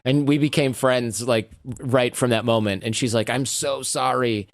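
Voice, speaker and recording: A man's voice: medium pitch, normal speed, no echo, clean studio sound. A man, a guest on a podcast, telling stories in casual conversation and acting out the lines of people he quotes. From United States. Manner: animated storyteller who acts out quoted lines.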